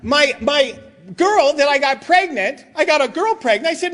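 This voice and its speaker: Middle-aged guy doing comedy storytelling at a convention mic, high voice, bounces all over. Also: animated, fairly bright tone. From Southern California. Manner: quick, joking delivery, acts out voices of friends. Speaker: speaker at a recovery convention. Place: large hotel meeting hall.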